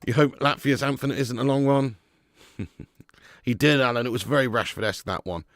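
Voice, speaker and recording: A man's voice: medium pitch, a little fast, fairly bright tone, dry recording, studio quality. A man hosting a live football watch-along, chatting with viewers by name and commentating with sarcasm.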